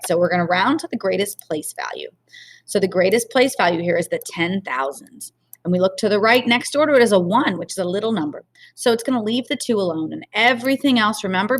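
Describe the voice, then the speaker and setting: A woman's voice: medium pitch, a bit bright. A woman teacher giving a recorded math lesson to children, patient and encouraging, talking straight to her students.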